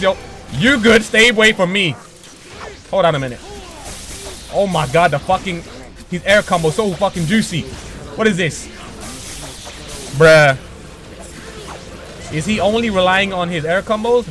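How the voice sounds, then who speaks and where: Excitable, foul-mouthed young man with lively pitch. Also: normal speed, long pauses, soft background music. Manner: excitable, profane trash talk. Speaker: gaming channel host. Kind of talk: live gameplay commentary.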